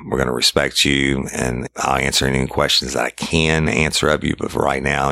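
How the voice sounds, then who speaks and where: A middle-aged man, a police detective casually telling a case story, blunt and profane, loud and heated when he quotes himself. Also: very deep voice, creaky, no echo.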